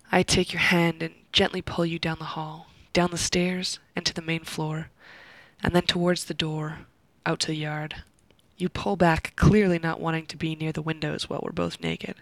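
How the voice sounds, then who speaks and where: A woman narrating a first-person erotic story in an intimate voice that slips into soft whispers, with heavy vocal fry. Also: low voice, flat delivery, normal speed, no room sound, low-quality recording.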